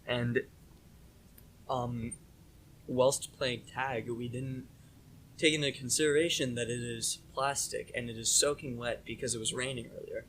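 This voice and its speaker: A young man co-hosting a casual podcast, telling a story in a rambling, animated way with lots of fillers. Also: medium pitch, measured pace, slight background noise. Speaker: podcast co-host.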